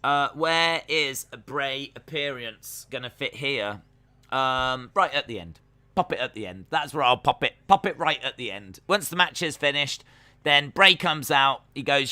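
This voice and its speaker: A young man hosts a live reaction stream, chatting loosely as he watches and reads out viewer comments. His voice is strikingly bright and sharp, and he jokes along with the action. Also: mid-range voice, expressive, normal speed, clear, resonant tone. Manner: chatty, jokey, talks to chat while watching. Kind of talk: casual live reaction commentary, reading chat.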